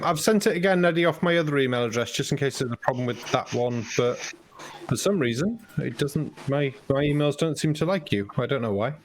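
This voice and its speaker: A man's voice: medium pitch, slight background noise. A man hosting a live poker stream, chatting casually and explaining things step by step. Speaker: host and poker dealer.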